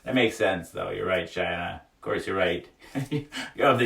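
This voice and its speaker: A man's voice: sits low, unhurried, vocal fry, a bit bright, distant mic, a little hiss or hum. A man hosting a casual livestream, reading viewer comments aloud, often laughing and joking frankly. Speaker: livestream host. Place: small wooden sauna. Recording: echoey room, voice away from mic.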